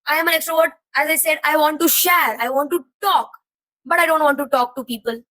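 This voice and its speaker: A woman's voice: sits high, steady tone, a little fast, fairly bright tone, no echo, rough recording. A young woman talking to her viewers, venting her jumbled thoughts in a rambling, confused and frustrated way while feeling emotionally heavy. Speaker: vlogger. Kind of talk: personal venting to camera.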